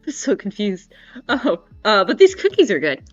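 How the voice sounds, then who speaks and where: A woman's voice: medium pitch, wildly swooping pitch, normal speed, dry recording. A woman hosting a stream, chatting casually and playing along with giggles. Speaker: streamer host. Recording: dry, dull lo-fi stream audio, faint music.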